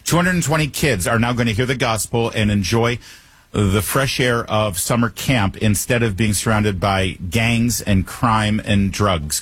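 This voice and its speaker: Wry, husky-voiced male talk host. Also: on the low side, moderate pace, a bit bright, no room sound. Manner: wry and teasing, punning. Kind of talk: joking monologue.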